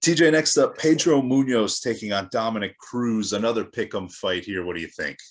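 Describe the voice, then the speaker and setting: A man with a somewhat low voice hosts a sports betting segment. He moves things along with brisk, upbeat lead-ins and short questions. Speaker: show host. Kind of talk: introducing segments to an analyst.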